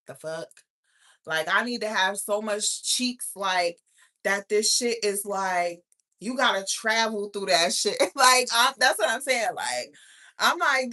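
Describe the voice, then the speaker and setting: A woman's voice: medium pitch, expressive, slow pace, bright, forceful tone. A woman hosting a live stream in casual chat, talking bluntly and profanely to her viewers. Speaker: livestream host.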